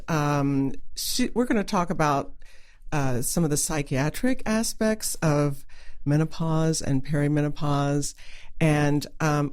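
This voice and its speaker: A woman's voice: low voice, darkish tone, clean tone. Chatty woman hosting a podcast. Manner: chatty, many ums and restarts. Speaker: podcast host, family nurse practitioner. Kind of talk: casual podcast interview.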